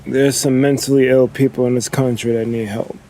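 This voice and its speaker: A man's voice: mid-range voice, little pitch movement, a crowd in the background. A man chiming in earnestly on a game stream, stumbling and restarting as he talks. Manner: earnest, halting, restarts his sentences. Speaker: streamer co-host. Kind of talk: casual chat while gaming.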